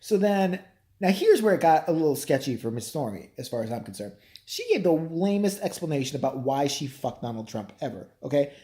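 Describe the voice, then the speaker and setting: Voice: mid-range voice, big pitch swings, brisk, mellow. A comedic commentator ranting crudely about a TV interview, brash and profane.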